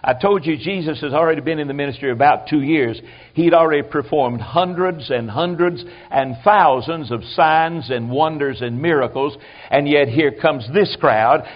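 Male preacher mid-sermon, animated with quiet asides, slightly high voice, muffled old recording.

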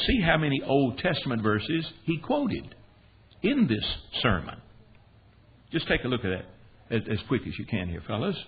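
An American man teaching a Bible class for men, telling stories and asking his class questions. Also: mid-range voice. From United States. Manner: animated, storytelling, quizzes his class. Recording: tinny phone-like recording with faint hiss.

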